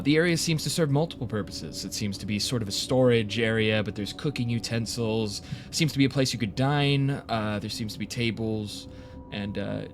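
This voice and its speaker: A man narrating as game master, hesitant and filling pauses with ums. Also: fairly low pitch. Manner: hesitant, many fillers. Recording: noisy background.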